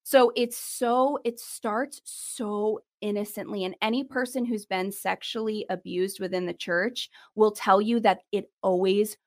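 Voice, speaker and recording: A woman's voice: unhurried, hardly any pauses. A young woman speaking as a podcast guest, giving earnest advice and acting out quoted dialogue with a lifted voice. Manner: animated, acts out quoted dialogue with rising pitch.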